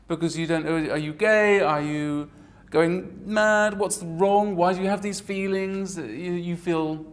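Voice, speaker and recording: A woman in her forties, an actress in an interview, speaking earnestly and reflectively with frequent halting restarts. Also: lowish voice. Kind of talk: personal interview storytelling.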